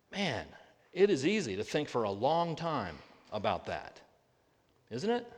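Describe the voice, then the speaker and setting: A man's voice: medium pitch, very animated, a little mellow. Man preaching in a reverberant hall. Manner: earnest, rhetorical questions, slows on scripture. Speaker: pastor. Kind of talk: sermon. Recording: long reverb of a large hall.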